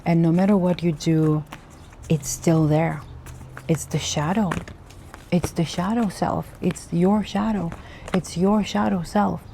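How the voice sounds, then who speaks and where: A woman's voice: on the low side, steady tone, vocal fry, warm tone, a little hiss or hum. A woman giving an earnest, emotional spiritual message as a tarot reader, repeating herself for emphasis. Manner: slow, earnest, repetitive, emotional.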